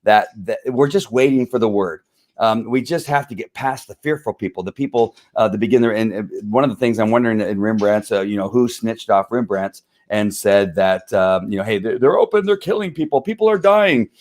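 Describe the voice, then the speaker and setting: A man's voice: lowish voice, steady tone, fairly quick, a little mellow. A man hosting his own live video stream, talking in a heated, frustrated, rambling way with many fillers. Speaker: livestream host. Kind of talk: casual livestream rant.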